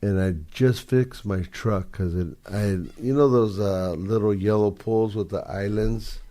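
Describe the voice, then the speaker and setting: A man with a low voice tells a story in a relaxed, drawling, profane way. His tone is dark and mellow, and he talks like it's a casual chat. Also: unhurried. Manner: laid-back, profane, drawling.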